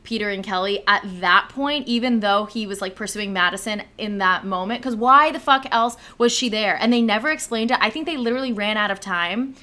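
Young female co-host, animated and skeptical, loose casual chat. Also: mid-range voice, fairly quick, few pauses. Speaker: podcast co-host.

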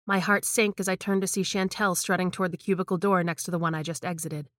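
Woman narrator for a horror story, hushed and tense, lower voice, dry close read. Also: little pitch movement, quick pace, hardly any pauses, no room sound.

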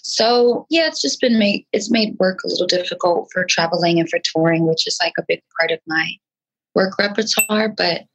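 A woman from New York, a rapper talking in a casual interview, with a nasal voice and halting speech full of restarts. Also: fairly bright tone, low-quality recording. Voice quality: nasal, sometimes high-pitched. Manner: frantic, halting speech with many restarts and fillers. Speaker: rapper guest.

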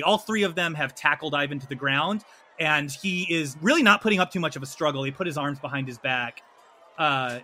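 Man, game master, animated narration, bright tone, faint background hiss. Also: a little high.

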